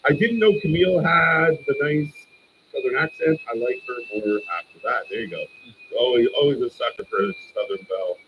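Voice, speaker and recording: A man hosting a live stream and reviewing a wrestling show, casual, opinionated and profane, with bursts of excited ranting. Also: a little fast, highs cut off, a little hiss or hum. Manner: animated, swings up into high excited bursts while ranting.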